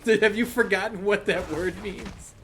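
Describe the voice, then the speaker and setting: A tired man talks through a fighting game late at night in a casual, rambling way, swearing freely and laughing to himself. His home recording carries a clear hiss of background noise. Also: high voice, fairly even intonation, normal speed. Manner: rambling, profane, laughing asides. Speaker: let's play gamer. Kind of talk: casual gameplay commentary.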